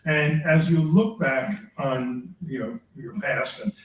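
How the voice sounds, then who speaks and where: An older man, a priest, lecturing teachers in a chatty way, chuckling often and tagging his points with quick questions to the room. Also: on the high side. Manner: chatty, chuckling, tags remarks with "all right?". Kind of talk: lecture with personal anecdotes. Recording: echoey room, mic far off.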